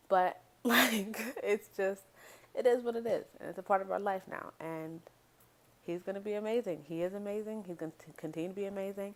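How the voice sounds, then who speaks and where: A woman's voice: medium pitch, a little fast. A young woman vlogging about her baby, talking in a rambling, blunt way and swearing freely. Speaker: mom vlogger. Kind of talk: casual vlog monologue.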